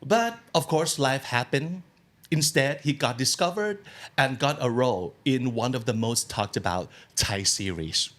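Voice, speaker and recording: A man hosting an interview show, chatty and quick to laugh as he introduces and questions his guest. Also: mid-range voice. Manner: chatty, laughs often, lively delivery. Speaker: host. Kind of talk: casual interview.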